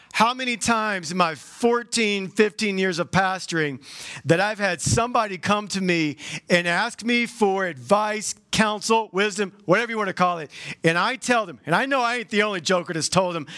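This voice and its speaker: High-voiced, animated preaching man. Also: normal speed, no room sound, clean studio sound. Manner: animated, conversational preaching with sudden jumps in pitch. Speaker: pastor. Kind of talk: sermon.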